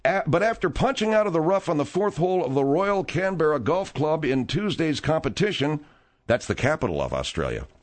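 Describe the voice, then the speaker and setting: Speaking fairly quickly in a slightly high voice, a male radio host reads out news on his comedy talk program. His banter is lively and full of joking exasperation.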